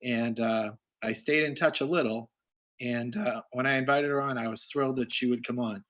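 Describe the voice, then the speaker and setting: Guy hosting a zoom chat, keeps restarting his sentences, average pitch. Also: fairly even intonation, normal speed, fairly bright tone. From Massachusetts. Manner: rambling storyteller, restarts often. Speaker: host. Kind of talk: casual video call chat. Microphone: video call.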